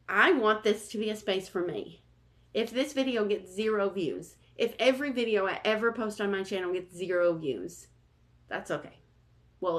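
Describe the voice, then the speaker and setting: A woman in her thirties talking casually to camera as a vlog host, candid and rambling. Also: medium pitch. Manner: rambling, candid and self-deprecating. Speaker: channel host.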